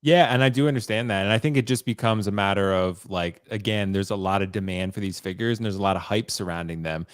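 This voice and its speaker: A man hosts a casual podcast, talking quickly in a low voice. He hedges a lot, and the recording is dry and close with no room sound. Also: clear, resonant tone, dry recording. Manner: measured, hedging, lots of "I don't know". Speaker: host.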